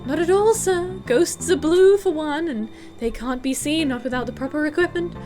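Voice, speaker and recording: A woman's voice: sits high, normal speed, darkish tone, faint music behind, pitched above the performer's own voice, close to an everyday voice. A woman voicing a polite male train guard who keeps saying sir, in a game play-through. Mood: dutiful. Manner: formal, calls everyone sir.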